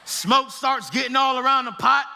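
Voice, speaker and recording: A man giving a comedic storytelling talk to students, animated and laughing as he acts out scenes. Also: very high-pitched, moderate pace, vocal fry. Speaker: speaker to students. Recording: echoey hall.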